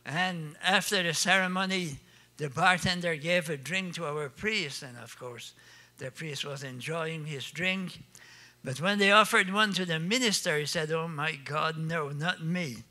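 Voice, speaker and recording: A man's voice: fairly high pitch, a little slow, bright, forceful tone. An older man with an Acadian French accent telling folksy comic stories on stage, laughing at his own punchlines. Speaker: storyteller.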